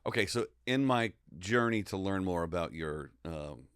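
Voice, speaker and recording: Man, North Carolina Southern accent, comedy podcast co-host, teasing, lively intonation. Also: low voice, normal speed, smooth, no room sound, clean studio sound. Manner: teasing, playful, lively delivery. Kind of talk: casual comedic chat.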